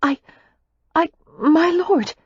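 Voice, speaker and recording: Woman doing a quirky young heiress, high and husky, lively exclamations, slightly muffled audiobook sound. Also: no echo, full character voice. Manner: quick, bright and exclamatory.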